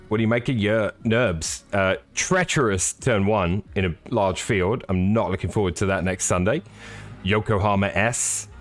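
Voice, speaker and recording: A man with a fairly low voice hosts a sim racing live stream. He talks in a loose, rambling way, cracking jokes and greeting viewers. Faint music plays underneath. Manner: jokey, rambling, chatty with viewers. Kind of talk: casual live-stream commentary.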